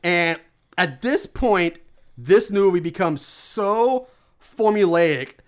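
A man's voice: high voice, expressive, slow pace. A man casually recapping a horror movie plot as a podcast co-host, laughing often and swearing freely. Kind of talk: casual chat.

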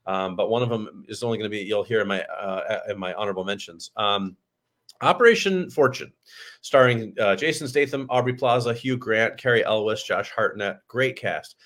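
A man co-hosting a casual movie podcast with a bright, forward voice. He stammers and leans on ums and likes as he talks. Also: fairly low pitch, normal speed. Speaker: podcast co-host. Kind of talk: casual chat.

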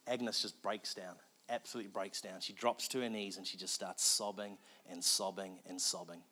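A man tells a story in a sermon. He is animated and restarts his sentences often. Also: low voice. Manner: fast, animated, with filler restarts.

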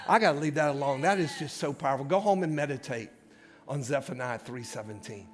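A man's voice: medium pitch, fairly quick, faint music behind. A man preaching a sermon as pastor in a church, emphatic, calling out to his congregation. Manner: emphatic call-and-response preaching. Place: church sanctuary.

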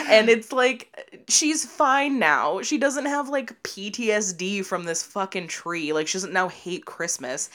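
A young woman in casual podcast chat, telling a family story with lots of laughter and acted-out voices of relatives. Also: medium pitch. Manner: animated, laughing often, acts out quoted family voices.

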